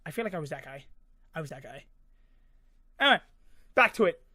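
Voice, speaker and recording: High-voiced man rambling through a story. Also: very animated, brisk, sharp tone, no echo, clean studio sound. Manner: rambling, filler-heavy, sound effects. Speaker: vlogger. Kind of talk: casual storytelling.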